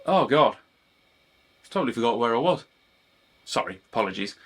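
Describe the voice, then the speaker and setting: A British guitar teacher who hosts his own channel chats casually to camera in a mid-range, husky, sing-song voice at a normal pace. He keeps drifting off topic, pokes fun at himself, and often apologises for rambling.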